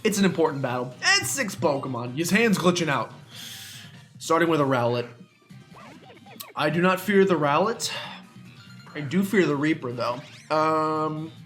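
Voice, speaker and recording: Young male let's-player, animated and chatty, talks back to the game; soft music under him. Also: on the high side, moderate pace, long pauses. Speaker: gaming YouTuber. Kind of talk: let's play commentary.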